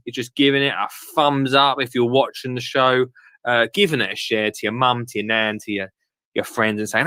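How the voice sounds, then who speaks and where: A man's voice: mid-range voice, quick pace, sharp tone, dry recording. A British man hosting a podcast, chatting casually with joking asides as he watches a show. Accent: British English. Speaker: podcast host. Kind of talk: casual watch-along commentary.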